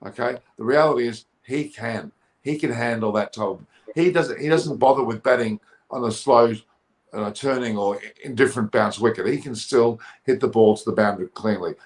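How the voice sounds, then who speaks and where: A middle-aged man trading cricket opinions in casual conversation. He is jokey and animated, and his voice leaps up in pitch when he protests. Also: moderate pace, poor audio. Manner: animated, jokey, rises high when indignant. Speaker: cricket show co-host. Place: Coogee, Australia.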